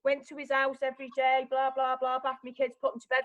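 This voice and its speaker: A young woman, telling her own story as a guest in a blunt, animated way, swearing often. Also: sits high, fast talker, rough recording. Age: young adult. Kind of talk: candid personal storytelling.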